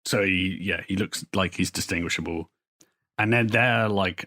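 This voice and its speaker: A man with a very low-pitched voice co-hosts a casual podcast. He rambles through comic book plots in a loose, profane, chatty way. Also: bright, forceful tone. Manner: rambling, profane storytelling with quick put-on quotes. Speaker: podcast co-host. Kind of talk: casual chat recapping comics.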